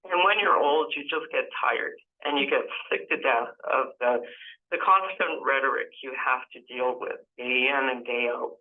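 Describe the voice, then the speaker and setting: An older Canadian woman giving a webinar talk, telling a personal story slowly and deliberately, with emphatic repetition and a gravelly voice. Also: extremely low pitch, animated. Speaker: webinar speaker. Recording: tinny phone-like audio.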